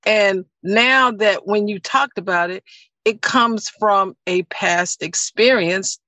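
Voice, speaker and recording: A woman on a group video call, talking about her own growth in a reflective, measured way. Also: mid-range voice, sharp tone, dry recording. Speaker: call participant. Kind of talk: casual group chat.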